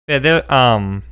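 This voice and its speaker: A man's voice: mid-range voice, a bit bright, smooth, no room sound, clean studio sound. A young man co-hosting a podcast, telling laid-back stories in casual chat and acting out the people he quotes. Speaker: podcast co-host.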